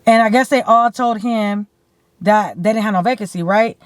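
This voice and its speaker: A woman from California telling a story to her camera in a blunt, animated way, swearing freely and saying "like" often. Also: medium pitch, moderate pace, no room sound. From San Bernardino, California. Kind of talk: casual storytime. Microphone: camera mic.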